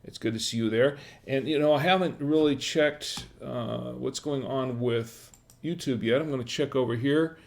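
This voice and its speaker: A man's voice: mid-range voice, moderate pace, creaky. Chatty man hosting a wine stream. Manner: rambling, frequent fillers and restarts; friendly, chatty. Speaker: wine review livestream host. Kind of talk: casual live-stream chat.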